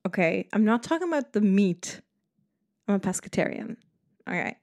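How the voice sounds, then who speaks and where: Animated, swearing young woman. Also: mid-range voice, moderate pace, creaky. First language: Dutch. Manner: animated, profane, rambling and laughing. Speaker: podcast host. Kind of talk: casual solo chat.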